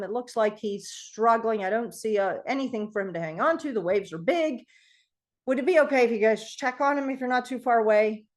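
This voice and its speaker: A middle-aged woman telling a personal story to a group, animated and acting out the voices of the people in it. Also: fairly high pitch. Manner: animated storytelling, acts out quoted voices, laughs often. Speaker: guest speaker on self-healing.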